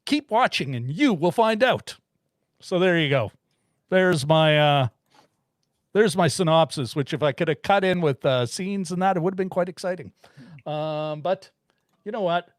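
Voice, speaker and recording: A man's voice: fairly high pitch, animated, moderate pace, dry recording, studio quality. A man co-hosting a film podcast, chatting casually and rambling with frequent laughs and restarts. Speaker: podcast co-host reviewing a film. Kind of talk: casual chat.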